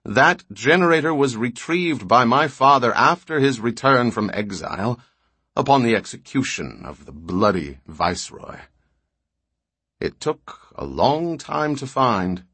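A man reading a novel aloud in a measured narration. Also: mid-range voice, big pitch swings, bright, forceful tone, husky, no room sound. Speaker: audiobook narrator. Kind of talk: scripted narration.

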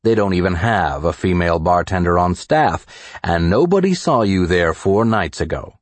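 A male audiobook narrator voicing a gruff, menacing small-town sheriff with a gravelly, slow, threatening growl. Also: low-pitched, lively intonation, dry recording. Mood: interrogating.

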